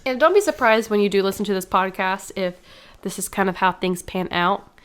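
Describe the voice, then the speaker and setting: A woman's voice: medium pitch, expressive, fairly quick, smooth. A young woman co-hosts a casual podcast chat. She thinks aloud in a hesitant way, with frequent ums and restarts. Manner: thoughtful, hesitant, many fillers. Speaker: podcast co-host.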